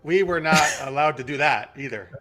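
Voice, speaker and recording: A man voices a sheltered young woman fresh out of a monastery, puzzled by everything around her. Her questions come out wide-eyed and innocent, a little higher than usual. Soft music plays in the background. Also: brisk. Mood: naive.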